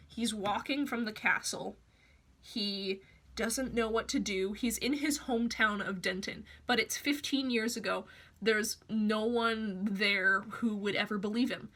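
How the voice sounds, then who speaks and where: A man's voice: sits high, a little slow, sharp tone. A man casually recapping a film plot for a video review, profane and offhand.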